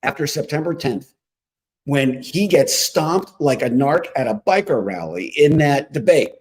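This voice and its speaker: A man's voice: fairly high pitch, expressive, unhurried, darkish tone, rough recording. A man giving emphatic, combative political commentary as a guest on a talk show. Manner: emphatic, combative, punchy rhetoric.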